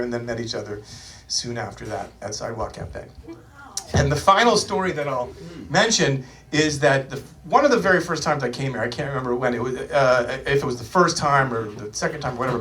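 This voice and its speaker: A man's voice: a little high, fairly bright tone, slight background noise. Rambling man telling stage stories. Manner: hesitant, lots of ums and restarts. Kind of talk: rambling anecdotal stage talk. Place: small club stage.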